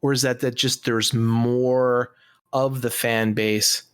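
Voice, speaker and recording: Teasing, analytical podcast co-host. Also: male voice, mid-range voice, level tone, slow, smooth, no echo, studio quality. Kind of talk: casual chat.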